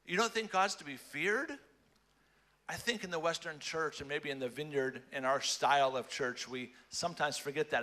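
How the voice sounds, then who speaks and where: A man giving a lively, playful conference sermon on stage, repeating phrases for emphasis. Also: mid-range voice. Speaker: conference speaker.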